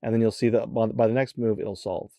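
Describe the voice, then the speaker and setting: A man's voice: lowish voice, steady tone, a little fast. A man hosting a step-by-step puzzle tutorial in a casual way, counting the moves aloud as he demonstrates them. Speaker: tutorial host.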